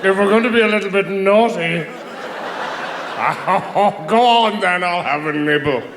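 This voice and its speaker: A man's voice: high-pitched, slow pace, echoey room, a crowd in the background, noisy background. An Irish man from Ireland doing a stand-up routine on a theater stage, rambling with sardonic, mock-exasperated asides. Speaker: stand-up comedian.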